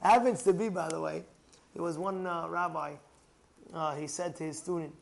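A rabbi, a man with a notably high voice, teaches through homely stories. He keeps checking whether his listener follows, and his voice swings into shouts when he makes a point. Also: moderate pace, gravelly. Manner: animated, asks the listener rhetorical questions, raises voice to a shout for emphasis. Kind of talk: storytelling talk on marriage.

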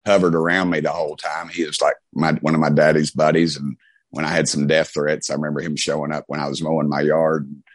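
Quick-paced and level in tone, a middle-aged man's bass voice comes through with no room sound. He's a congressman guest from Knoxville with an East Tennessee Southern accent, telling folksy stories casually in a rambling interview with lots of restarts.

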